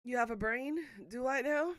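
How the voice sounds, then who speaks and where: A high-voiced woman speaks at a moderate pace while streaming a hot-sauce challenge for her chat. Profanity comes often, along with groans and coughs from the spice. There's no room sound, just clean studio audio.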